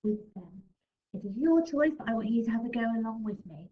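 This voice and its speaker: A woman with an English accent teaching a recorded phonics lesson to young children, sounding out letters slowly in a sing-song way. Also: fairly high pitch, lively intonation, narrow, tinny audio. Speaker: primary school teacher.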